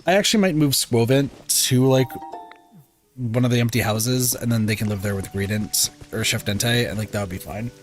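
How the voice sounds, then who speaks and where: A man talking through a relaxed game stream at an ordinary pitch for a male voice. He meanders from thought to thought, filling pauses with ums and likes and correcting himself as he goes. He sounds a little sleepy, with soft background music playing under his voice. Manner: rambling, lots of filler words and self-corrections. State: sleepy, yawning. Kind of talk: casual gameplay stream commentary.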